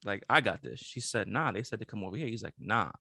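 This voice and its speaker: A man's voice: fairly low pitch, lively intonation, fast, creaky, pushed and bright, no room sound, clean studio sound. A young man co-hosting a podcast, telling stories in casual slang-filled chat and laughing often. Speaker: podcast co-host.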